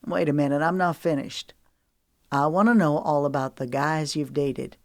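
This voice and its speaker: A woman narrator voicing an easygoing young man who teases with a relaxed drawl, recorded dry and close. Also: deep voice, normal speed, no echo. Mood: teasing.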